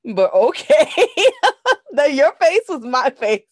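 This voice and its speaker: A woman's voice: high voice, big pitch swings, slow, dry recording, studio quality. A woman co-hosting a casual chat, blunt and profane, laughing often as she talks. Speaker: podcast co-host reviewing a film.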